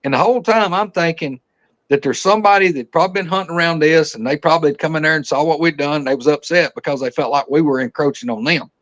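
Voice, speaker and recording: A podcast guest spins a hunting story in a folksy, rambling style, often restarting his sentences. His voice is a little high and a bit bright, and he talks fast.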